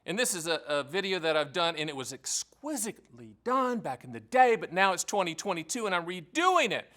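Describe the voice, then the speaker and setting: Man, annuity agent, direct-to-camera explainer, high voice, joking, emphatic. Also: big pitch swings, brisk, a bit bright. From American South. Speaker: annuity agent hosting his own channel.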